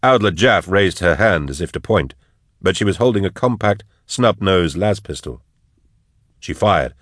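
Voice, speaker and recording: A man narrating an audiobook in a measured, dramatic way. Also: sits low, expressive, a bit bright, no room sound, studio quality.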